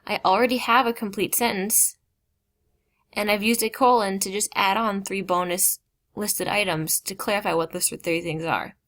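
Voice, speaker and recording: A woman teaching a grammar lesson. She explains slowly, stresses key words and drops casual asides. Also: medium pitch, steady tone, a bit bright.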